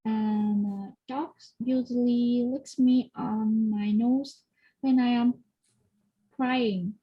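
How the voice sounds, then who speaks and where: Brief: female language student, hesitant, slow, husky, dull lo-fi recording. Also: fairly high pitch, steady tone. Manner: hesitant, many fillers. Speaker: English learner. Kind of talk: spoken exam practice answer. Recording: dull lo-fi audio.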